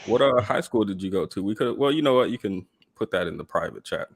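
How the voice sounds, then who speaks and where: A man from Georgia speaks with a light Southern accent and a very low voice. He jokes in a dry, deadpan way as a guest on a casual livestream. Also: quick pace, vocal fry, breathy edge.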